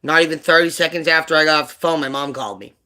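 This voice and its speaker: A man hosting a livestream, telling a personal story in a rambling, halting way with many fillers, subdued and emotional over painful memories. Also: a little high, steady tone, sharp tone. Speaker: livestream host.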